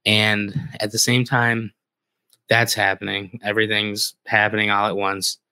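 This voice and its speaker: Rambling man with a forceful, low voice. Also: flat delivery, a little slow, clean tone, dry recording. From US Midwest. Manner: rambling, lots of filler "like". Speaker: podcast host. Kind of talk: casual storytelling monologue.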